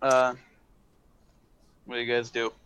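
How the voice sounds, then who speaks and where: A man narrating a tabletop game as game master, rambling with many pauses and restarts. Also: mid-range voice, completely flat delivery, a bit bright, clean tone, no room sound. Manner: rambling, full of fillers and restarts. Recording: dull lo-fi, dry.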